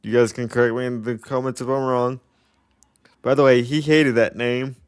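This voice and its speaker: A man's voice: medium pitch, flat delivery, moderate pace, smooth, no room sound, studio quality. A man hosting a reaction video who chats casually and chuckles through amused comments. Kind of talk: casual chat.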